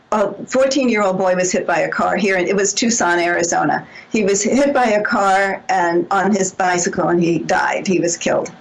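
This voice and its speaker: A woman's voice: medium pitch, rough recording. A woman guest on a radio interview, telling stories earnestly and often restarting her sentences. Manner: earnest storytelling with frequent restarts. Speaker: author and guest.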